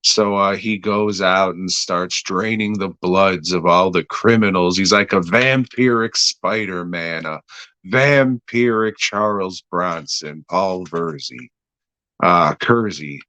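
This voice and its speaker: A man's voice: sits low, takes it slowly, sharp tone, no echo. A man reviewing a horror episode in casual, rambling podcast talk, crude and offhand.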